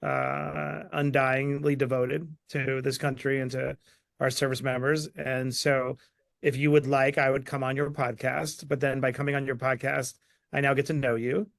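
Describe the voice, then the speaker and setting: A man speaking as an author guest in a live online Q&A, energetic and emphatic. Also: mid-range voice, normal speed, vocal fry, dry recording.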